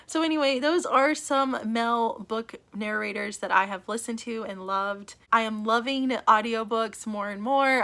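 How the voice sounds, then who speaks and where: A woman's voice: fairly high pitch, bright, forceful tone. A woman book vlogger chatting casually to camera, enthusiastic and chatty, with frequent fillers and little laughs.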